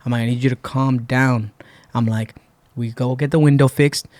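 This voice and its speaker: A man's voice: medium pitch, moderate pace, no echo. A man from Puerto Rico, a guest on a podcast, telling a long story in a casual way and acting out what people said. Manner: relaxed, retells events with quoted dialogue. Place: podcast studio.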